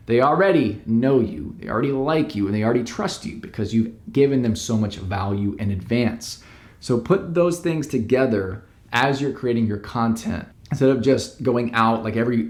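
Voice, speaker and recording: A man's voice: medium pitch, a little mellow, reverberant. A man who works as a business coach, giving direct, emphatic step-by-step advice to camera. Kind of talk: instructional talk to camera.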